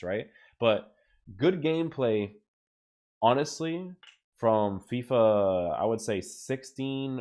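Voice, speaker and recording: A man's voice: fairly low pitch, darkish tone. A young man doing casual commentary over his own gameplay, emphatic, keeps checking in with "right?". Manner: casual, swears now and then. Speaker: gaming YouTuber.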